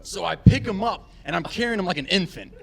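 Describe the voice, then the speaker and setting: A man's voice: sits high, brisk, gravelly, a crowd in the background. A man telling a funny story on a live podcast, acting out the voices of the people in it. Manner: animated, acts out quoted voices. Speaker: guest storyteller.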